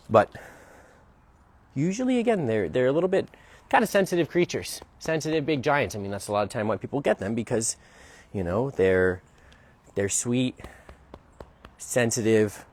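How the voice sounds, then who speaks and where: A man's voice: medium pitch, darkish tone. A man working as a dog trainer, explaining a training session outdoors as he goes and often checking in with "right?". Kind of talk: narrated training demonstration.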